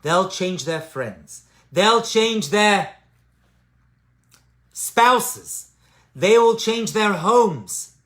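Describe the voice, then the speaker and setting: A man's voice: high-pitched, animated, drawn-out words, pauses often, a bit bright. A man teaching about addiction recovery and spiritual growth in an informal, conversational way. He repeats his key lines for emphasis and often checks in with "right?". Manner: conversational, with frequent "right?" and "you know"; emphatic repetition of key phrases.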